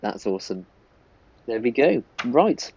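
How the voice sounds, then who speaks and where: A man chatting his way through a mobile game, upbeat, laughing easily, and reading the on-screen lines aloud. His voice sits at an ordinary middle pitch. The recording is a little muffled and lo-fi. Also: big pitch swings, measured pace, gravelly, a little mellow, breathy edge, no room sound. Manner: enthusiastic, laughs often, reads game text in shifting tones. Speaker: gaming YouTuber. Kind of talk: casual gameplay commentary, reading dialogue aloud. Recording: slightly dull lo-fi sound.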